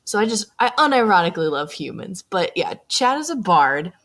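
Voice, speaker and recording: A woman's voice: medium pitch, sing-song, a little fast, fairly bright tone. A young woman co-hosting a podcast, talking casually about her game character, chatty, with frequent laughs and fillers. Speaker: podcast co-host. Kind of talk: casual chat.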